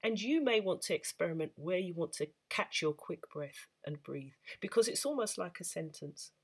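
A woman's voice: fairly low pitch, lively intonation, normal speed, breathy edge. A woman teaching beginners the saxophone, patient and encouraging as she explains step by step. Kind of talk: instructional talk to camera.

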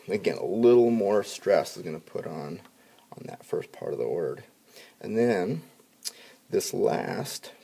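A man teaching a spelling lesson to students, upbeat when addressing the class and dropping to quiet asides while he writes. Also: low voice, vocal fry, slightly rough. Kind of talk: classroom instruction video.

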